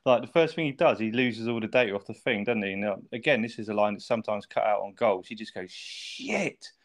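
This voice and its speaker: A man's voice: lowish voice, fast. A man, chatting casually as a podcast co-host, swearing and laughing often. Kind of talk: casual chat.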